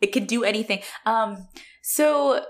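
A young woman co-hosting a casual chat about a horror movie, animated and profane, laughing often. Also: fairly high pitch, measured pace. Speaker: podcast co-host.

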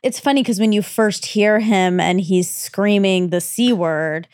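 A woman co-hosting a podcast, chatting casually in a warm, curious way. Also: mid-range voice, measured pace, no room sound, studio quality. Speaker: podcast co-host. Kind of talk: casual chat.

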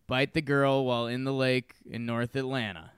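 A man casually chatting as a podcast co-host, dropping deadpan, dark one-liners. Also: medium pitch, normal speed, clean tone, no echo, studio quality. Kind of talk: casual comedic chat.

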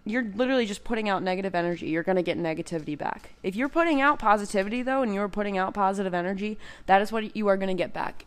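Young woman podcasting about self-talk, super chatty, lots of likes, smooth clean voice. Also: medium pitch. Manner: chatty, frequent "like" and "you know" fillers; encouraging, direct address to listeners. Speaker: podcast host; cycling instructor.

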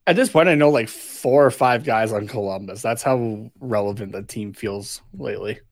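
A man's voice: fairly low pitch, normal speed, vocal fry, no room sound, studio quality. A man co-hosting a casual sports podcast, blunt and wisecracking, swearing freely. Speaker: podcast co-host.

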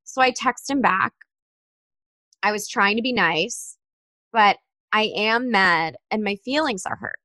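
A woman's voice: mid-range voice, measured pace, long pauses, dry recording. A young woman telling a dating story in casual chat, acting out the texts she got and sent. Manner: animated storyteller, acts out texts in quoted voices.

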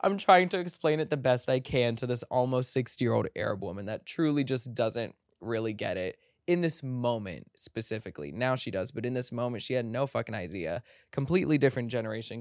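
Profane, animated male storyteller. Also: no echo, studio quality. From Egyptian family background. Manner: animated, breaks into high mimicking voices when quoting people; profane, tangent-filled storytelling. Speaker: podcast host. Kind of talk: casual storytelling monologue.

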